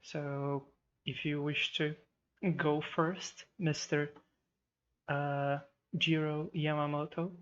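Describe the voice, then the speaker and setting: A man acts as game master for an online tabletop session, speaking in a slow, unhurried way. His voice sits a little high. The audio is dull and lo-fi, like a voice-chat mic. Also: little pitch movement, fairly bright tone, clear, resonant tone.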